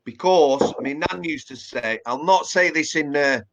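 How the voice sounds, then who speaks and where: Man, Yorkshire accent, plain-spoken interview guest, slightly high pitch, lo-fi call audio. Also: measured pace. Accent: Yorkshire English. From Yorkshire, England. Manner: chatty, plain-spoken, many fillers and restarts. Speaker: former prison officer, guest. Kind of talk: casual interview chat.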